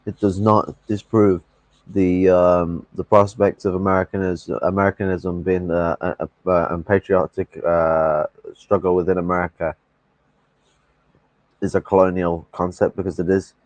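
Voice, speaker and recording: A man's voice: deep voice, little pitch movement, normal speed, a little mellow, no room sound, lo-fi sound. A man debating on a reaction stream, argumentative and often stumbling over his words. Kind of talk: casual debate.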